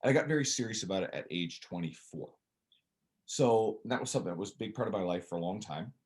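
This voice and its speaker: As a guest on a relaxed podcast, a Canadian-accented personal trainer in his 40s from Newfoundland speaks with blunt animation. His voice sits lowish, quick-paced and lively in intonation.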